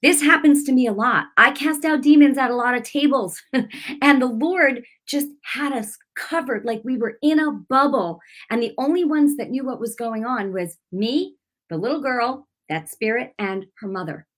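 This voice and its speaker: Animated woman minister telling a story. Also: high voice, normal speed. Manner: animated and emphatic, laughs often while telling. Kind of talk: storytelling sermon for a broadcast.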